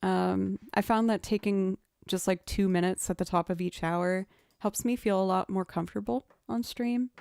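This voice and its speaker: A woman streamer chatting casually with her viewers between songs, thanking them and filling pauses with "um". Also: mid-range voice, steady tone, gravelly, darkish tone, smooth, no echo. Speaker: streamer and musician. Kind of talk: casual live-stream chat.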